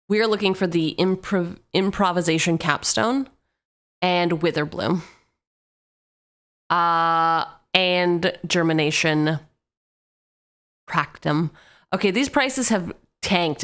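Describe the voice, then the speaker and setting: A woman's voice: on the low side, slow pace, pauses often, fairly bright tone. A woman streamer chatting casually and joking as she opens card packs on a livestream. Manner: playful, jokey asides, sings snatches of song.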